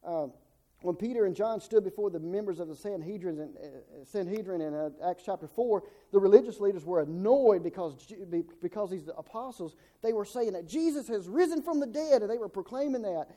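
A man delivers a sermon in a homespun style, doubling back on his words and voicing the people in his stories. His voice sits high for a man, yet its tone is mellow and dark. He sounds middle-aged. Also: animated, brisk. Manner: folksy, repeats words and restarts, acts out quotes. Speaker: preacher.

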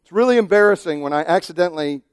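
A male pastor preaching a sermon, animated, acting out quoted voices and swinging from loud to hushed. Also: sits high, racing, clean tone, no room sound, clean studio sound.

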